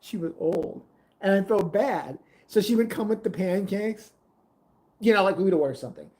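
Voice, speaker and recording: A man telling stories in casual podcast chat, animated, swearing and mimicking the people he talks about. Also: high voice, moderate pace.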